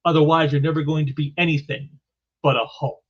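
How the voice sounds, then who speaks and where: A man's voice: a little high, level tone, a little fast, highs cut off, lightly acted. Blunt small-town farmer, read by a man. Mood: scolding. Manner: reading a comic's lines aloud.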